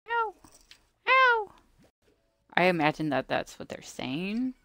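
A gameplay video maker offers casual commentary, chatting to the game's creatures, scolding them in mock fashion and dropping into murmurs. Her low voice swings widely in pitch at a moderate pace, in a dry recording.

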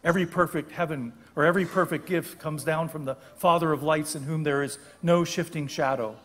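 A man's voice: a little high, fairly even intonation, fairly quick, fairly bright tone, long reverb tail. An older man giving a guest sermon in a church, explaining scripture in a conversational way and correcting himself now and then. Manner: explanatory, conversational preaching with small self-corrections. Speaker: guest preacher. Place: church sanctuary.

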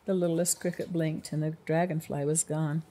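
An older woman, a grandmother, reading a children's storybook aloud in an expressive voice. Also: sits low, normal speed.

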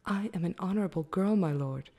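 A woman softly voicing a timid teenage peasant girl. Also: lowish voice, fairly quick, pitched above the performer's own voice. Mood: earnest. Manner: soft-spoken, trembling. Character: frightened sixteen-year-old peasant girl. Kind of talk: whispered role-play.

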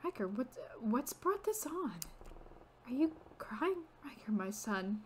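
A woman reading out the lines of a gentle, fatherly old man who asks worried, coaxing questions. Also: fairly high pitch, sing-song, slow pace, a little hiss or hum. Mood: gentle worry. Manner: soft, coaxing, concerned questions. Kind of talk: reading game dialogue aloud.

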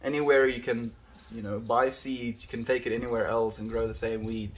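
This livestreamer is a South African man whose first language is Afrikaans, streaming outside on a windy day. He reads live chat aloud in a relaxed way and calls everybody his friend. His medium-pitched voice is level and brisk, with slight background noise.

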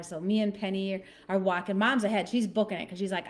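A woman casually telling a family story, animated and laughing, acting out the voices of the people in it. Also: mid-range voice, quick pace. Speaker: storyteller on a live stream.

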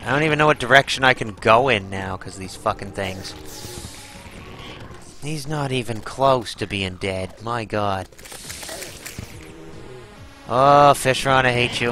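A man's voice: medium pitch, a little slow, long pauses, sharp tone, soft background music, low-quality recording. Man swearing through gameplay commentary. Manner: exclaims, groans and swears while fighting a boss. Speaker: gaming channel host.

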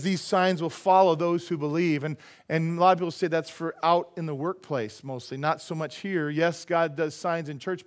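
A male pastor preaching a sermon in a church, telling a story with animated, laughing delivery. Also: fairly high pitch, smooth.

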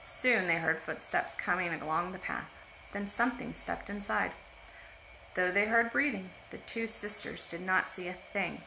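A woman reading a picture book aloud to children at home, expressive and pausing for asides about the pictures. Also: on the low side, creaky, slight background noise. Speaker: storytime reader. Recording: roomy home echo.

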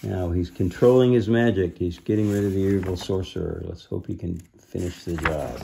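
A man reading a children's book aloud, adding gentle asides to explain the lesson. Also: low-pitched, moderate pace, vocal fry, hardly any pauses, a little hiss or hum. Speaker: reader.

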